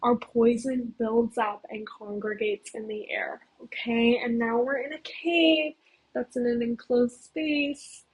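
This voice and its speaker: A woman's voice: on the high side, steady tone, slow, breathy edge, low-quality recording. A young woman casually recapping a story plot, chatty and full of "like". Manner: chatty, heavy use of "like". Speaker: video essayist.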